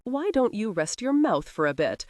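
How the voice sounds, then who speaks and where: A woman's voice: mid-range voice, big pitch swings, moderate pace, a little mellow, dry recording, studio quality, pitched above the performer's own voice, natural voice. Woman doing an exasperated, growling young earl. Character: young male earl, hot-tempered and sardonic.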